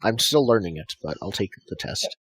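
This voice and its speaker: A man's voice: lowish voice, sing-song, fairly quick, a bit bright, husky, dry recording, rough recording. A man playing a tabletop game who checks the rules aloud and talks hesitantly. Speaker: player. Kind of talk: casual tabletop game chat.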